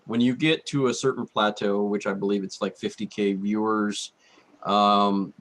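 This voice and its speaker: A man hosting a radio talk show, speaking in a relaxed, halting way with many restarts. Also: lowish voice. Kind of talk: casual talk-show chat.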